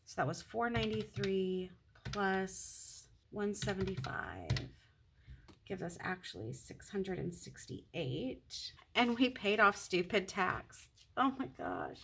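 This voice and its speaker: A woman in her thirties chatting casually to her viewers while counting cash into envelopes, excitable and talkative. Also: medium pitch, slow, vocal fry, a little hiss or hum. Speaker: budgeting vlogger.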